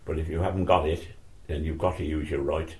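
A man's voice: very deep voice, flat delivery, a little fast, a little mellow. An older man telling old stories in a rambling, self-correcting way during an interview. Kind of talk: reminiscing oral history.

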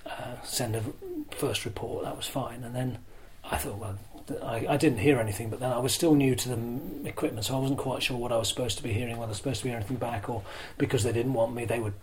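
An older man recounts his broadcasting days in an animated, self-mocking way, full of restarts and asides. His voice sits at an ordinary middle pitch. A light background noise runs under the conversation. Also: very fast, few pauses, poor audio. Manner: lively storyteller who acts out crowd shouts; self-deprecating and chatty, with restarts. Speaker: interview guest, former rugby broadcaster. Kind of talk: anecdotal interview storytelling.

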